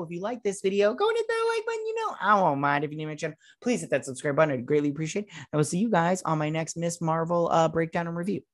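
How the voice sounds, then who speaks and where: A man's voice: on the high side, a bit bright, no echo, clean studio sound. A man casually recapping and reviewing a TV episode, rambling with lots of fillers and sarcastic asides. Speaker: show reviewer.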